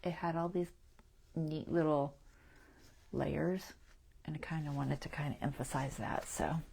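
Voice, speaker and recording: A woman hosting a crafting livestream, chatting as she works, thinking aloud, often trailing off softly and laughing at herself. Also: low-pitched, fairly even intonation, measured pace, creaky, slight background noise. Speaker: craft channel host. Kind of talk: casual crafting livestream chat.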